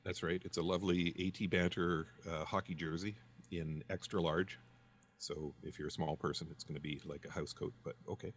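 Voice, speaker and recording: A man co-hosting a podcast, chatting casually and telling a joke with halting pauses. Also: low voice, fairly even intonation. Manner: halting, many fillers while storytelling. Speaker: podcast co-host.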